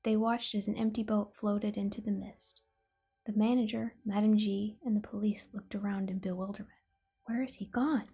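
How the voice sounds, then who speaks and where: A woman reading a bedtime storybook aloud to her child at home, expressive and playful. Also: mid-range voice, normal speed, creaky, breathy edge, soft background music.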